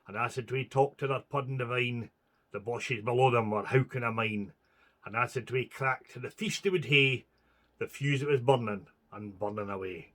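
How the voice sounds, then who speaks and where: Man giving a bright, rhythmic poem reading. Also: medium pitch. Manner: rhythmic, theatrical verse reading. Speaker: poetry reciter. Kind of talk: dramatic poetry recitation.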